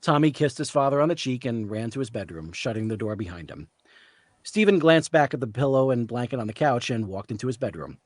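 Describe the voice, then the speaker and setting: A man reading the narration of a story aloud at a live reading, in a steady storytelling manner. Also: mid-range voice, fairly quick, no echo. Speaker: reader, narrator.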